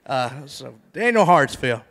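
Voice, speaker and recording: A man's voice: medium pitch, big pitch swings, a little slow, a bit bright, long reverb tail. A male host introducing the next contestant on stage in a casual, upbeat way.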